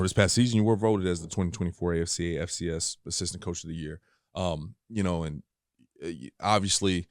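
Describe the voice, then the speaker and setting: A man's voice: low-pitched, dry recording, studio quality. A man hosting a podcast interview, asking long questions with many fillers and admiring his guest. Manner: fills with um and you know, admiring. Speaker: podcast host.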